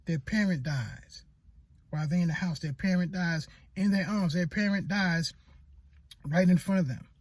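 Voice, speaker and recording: A man voicing God as a calm, forgiving father who speaks slowly, softly and solemnly. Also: high-pitched, no echo, voice pushed down. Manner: slow, soft and solemn.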